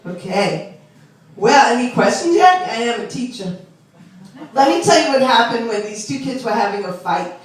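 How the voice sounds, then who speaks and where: A woman's voice: on the high side, lively intonation, moderate pace. A woman doing a chatty, self-deprecating stand-up set and teasing the audience. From Long Island, New York. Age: 60s. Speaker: stand-up comedian. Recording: echoey club room from far off.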